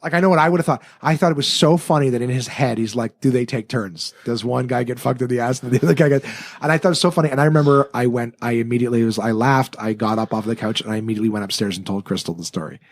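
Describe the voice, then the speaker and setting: A man who is a comedian, telling a story on a podcast in casual chat, animated and swearing freely. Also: medium pitch, fast, few pauses.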